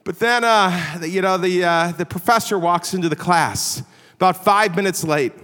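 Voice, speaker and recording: This is a high, pushed, bright male voice at a moderate pace. The speaker, a middle-aged man from around Chicago, preaches through conversational stories, self-deprecating and fond of adding "all right?", with a big hall's long reverb around him.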